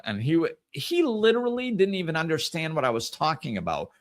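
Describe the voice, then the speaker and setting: A man hosting a podcast in a casual solo monologue, telling stories in an animated way and repeating phrases for emphasis. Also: fairly high pitch, fairly quick, few pauses. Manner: animated storytelling, acts out conversations. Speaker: podcast host.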